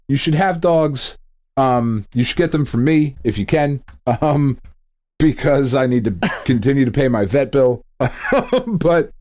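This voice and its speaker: A middle-aged man rambles through a funny story on a gaming podcast. He swears freely, laughs often and acts out what people said. His voice sits at a middle pitch. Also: darkish tone. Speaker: podcast co-host. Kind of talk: casual chat.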